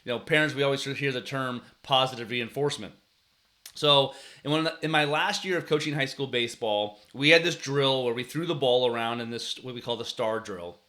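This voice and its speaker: Earnest bright-voiced man coaching. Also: mid-range voice, a little fast. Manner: earnest storytelling, frequent restarts, acts out yelling at players. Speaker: youth sports coach and show host. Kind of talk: casual advice talk.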